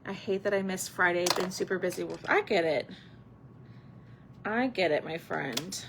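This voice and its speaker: A woman's voice: fairly low pitch, normal speed, vocal fry, background noise. A woman hosting a live craft stream, chatting casually with viewers and answering their comments while she paints.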